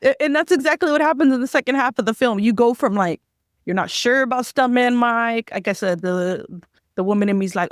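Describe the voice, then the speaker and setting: Animated woman podcast host. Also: a little high, fairly quick, no echo, clean studio sound. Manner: animated, acts out quotes, lots of restarts. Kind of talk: casual film review chat.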